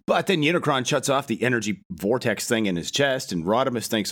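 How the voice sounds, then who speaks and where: A man's voice: medium pitch, animated, fairly quick, fairly bright tone. A man chatting on a podcast as co-host, summarizing the story beat by beat. His delivery is dry, with sarcastic jabs at the plot. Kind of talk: casual recap chat.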